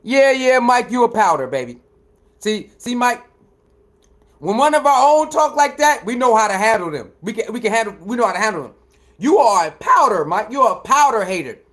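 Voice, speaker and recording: A man with a notably high speaking voice hosts a live stream and reads viewer comments aloud. He talks directly to his audience in a loose, repetitive way and gets fired up when answering a critic. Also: very animated, fairly quick, fairly bright tone. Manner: chatty, repeats himself, talks straight to viewers. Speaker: livestream host reading chat.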